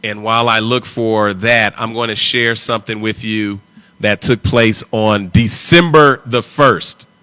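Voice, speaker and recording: A man's voice: on the low side, fairly even intonation, a little slow, sharp tone, smooth, dry recording. Emphatic man hosting a live stream. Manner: emphatic, repetitive, confrontational. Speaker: livestream host.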